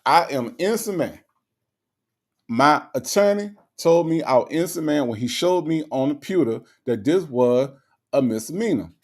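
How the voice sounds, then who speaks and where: A man's voice: a little high, animated, moderate pace. A man mocking a jailed man pleading innocence. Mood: insistent. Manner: broken, repetitive, plodding speech.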